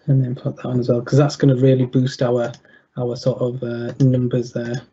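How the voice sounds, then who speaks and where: A young man giving betting tips over a video call, thinking aloud in a halting way with many fillers and restarts. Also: mid-range voice, monotone, mellow, breathy edge, muffled recording. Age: young adult. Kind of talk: thinking aloud while clicking through a screen.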